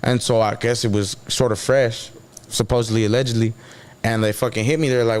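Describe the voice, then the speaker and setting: A man's voice: medium pitch, steady tone, a little fast, a little mellow. Man, casual storytelling, swears a lot, acts out quotes. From San Diego. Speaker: guest.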